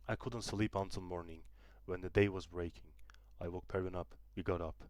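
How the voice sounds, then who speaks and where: Brief: young male student narrator, Turkish native, deep voice, dry close read. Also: steady tone, normal speed, hardly any pauses, darkish tone, no echo. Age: young adult. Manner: careful reading with small restarts. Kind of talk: audiobook narration.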